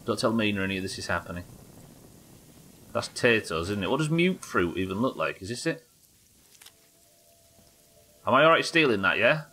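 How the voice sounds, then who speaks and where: A man's voice: lowish voice, big pitch swings, moderate pace, pauses often, pushed and bright, slight background noise. A man livestreaming a game, chatting, swearing and thinking aloud. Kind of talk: casual gameplay commentary.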